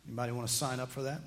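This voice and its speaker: A man's voice: medium pitch, slight background noise. A man preaching a sermon, reading scripture aloud and explaining it with rising emphasis. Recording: long hall reverb, faint ambience.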